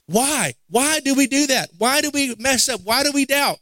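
A man's voice: very high-pitched, lively intonation, normal speed, hardly any pauses, bright, forceful tone, dry recording. A man preaching a sermon as pastor, asking the church rhetorical questions, repeating key phrases, and acting out Bible dialogue in character.

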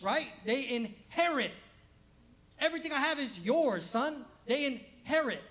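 This male pastor has a high, fairly bright voice and preaches conversationally during a live-streamed church service. He repeats words for emphasis and briefly acts out the short voices of people he quotes.

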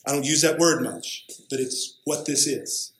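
A man's voice: medium pitch, steady tone, measured pace, fairly bright tone, reverberant, rough recording. A male pastor delivering a sermon, emphatic, often checking in with "right?". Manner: emphatic preaching with frequent "right?" asides.

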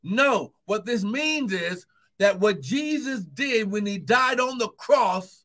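High-pitched, fervent preacher man. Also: animated, unhurried. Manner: fervent, bursts into shouts of "woo, glory"; calls out repeated encouragements to listeners. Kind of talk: sermon. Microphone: streaming live to online viewers.

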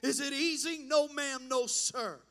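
A man preaching a sermon in a church, impassioned and building to shouts over a slow, deliberate delivery. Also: very high-pitched, steady tone, long reverb tail. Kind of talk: pentecostal-style sermon. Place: church sanctuary.

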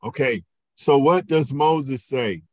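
A man, a pastor, teaching a Bible lesson in a slow, questioning way and often checking in with his listeners. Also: medium pitch, dry recording.

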